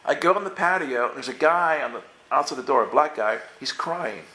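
A man preaches with a mid-pitched voice, his words ringing in a roomy, echoing hall. He tells a personal story in an animated way and acts out each exchange, often stumbling over restarts as he goes. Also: brisk. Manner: lively storytelling, acts out dialogue, many restarts. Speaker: pastor.

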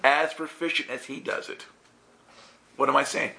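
Gravelly, bright-voiced male preacher. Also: medium pitch, moderate pace. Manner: animated, laughing, acts out quoted voices. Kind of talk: lively sermon with storytelling.

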